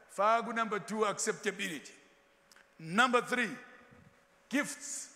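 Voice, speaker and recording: A man preaching a sermon in a large church hall, lively and animated, acting out quotes and slipping into Ndebele asides. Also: high-pitched, takes it slowly. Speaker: pastor.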